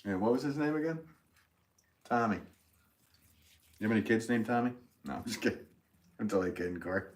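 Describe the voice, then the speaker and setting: A man's voice: on the low side, lively intonation, fairly quick. A man with a New England accent, hosting a casual livestream while he works, reading viewer comments, joking and laughing often.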